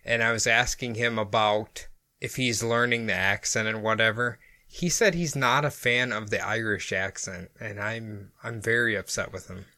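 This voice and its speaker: A man's voice: on the low side, fairly even intonation, moderate pace, pushed and bright, no echo. A young man from Iowa co-hosting a casual podcast chat, rambling and laughing often. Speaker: podcast co-host.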